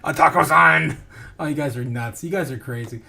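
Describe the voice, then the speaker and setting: Speaking at a moderate pace in a creaky, notably high voice, a male livestream host chats with casual excitement. He jumps between topics, reads out messages from chat and laughs frequently.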